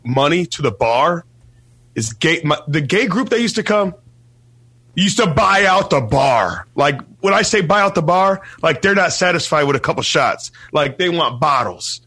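A man hosts a radio show in casual, profane chat, loud and emphatic, his pitch sitting a little high. His voice is bright and forceful. The sound is dry and close, with no room around it. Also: expressive, moderate pace, breathy edge, dry recording. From Toledo, Ohio area. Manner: loud, emphatic, swears constantly.

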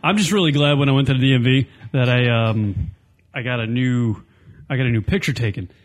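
A man's voice: mid-range voice, fairly quick. A man hosting a late-night radio show, joking and teasing in crude banter.

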